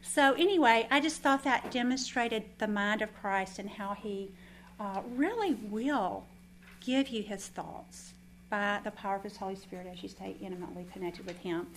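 A woman leading a Bible study, telling a lively personal testimony and then praying. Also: mid-range voice, normal speed, slight background noise. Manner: animated, chatty storytelling with asides.

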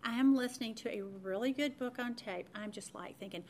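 Middle-aged woman, Christian talk host, chatty testimony, a touch high-pitched. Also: brisk, a little mellow, slight background noise. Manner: chatty, self-deprecating, many fillers and restarts. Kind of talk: personal testimony storytelling.

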